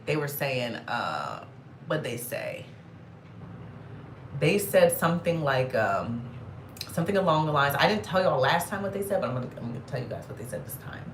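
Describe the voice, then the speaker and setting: A woman vlogger telling a story in a casual, animated way, swearing and saying "like" constantly. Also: extremely low pitch, roomy sound, slight background noise. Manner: animated, profane, heavy filler "like".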